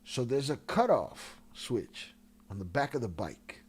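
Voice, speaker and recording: Man telling a story with lively pitch. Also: unhurried, husky. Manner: profane, animated, laughs while telling. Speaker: host of a live stream. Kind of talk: casual storytelling.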